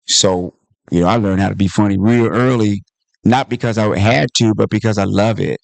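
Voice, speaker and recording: A comedian and author from Washington, D.C. tells stories from his life at a book talk, speaking at normal speed in a gravelly, lowish voice with no room sound. He's an animated storyteller who acts out the voices of the people in his anecdotes.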